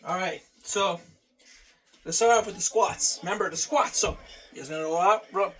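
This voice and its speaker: A man's voice: high-pitched, normal speed, fairly bright tone, far from the mic, faint music behind. A man talking casually through his day and a workout, repeating phrases and swearing offhand. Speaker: vlogger.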